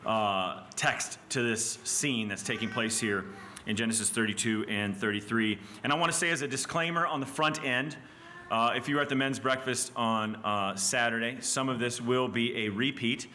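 A man's voice: mid-range voice, fairly even intonation, moderate pace, bright, forceful tone, slight background noise. A male pastor preaching a sermon in a church, earnest and emphatic, pressing his points with rhetorical questions.

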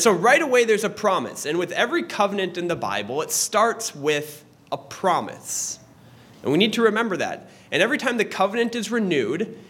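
A young man teaching a church class in a conversational way, pausing and correcting himself as he goes. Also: high voice, fairly bright tone. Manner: conversational, with pauses and restarts. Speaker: Sunday school teacher.

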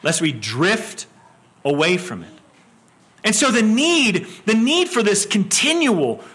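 High, bright-voiced male preacher. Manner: repeats words when starting a phrase, asks the room questions. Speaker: pastor. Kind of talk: expository sermon.

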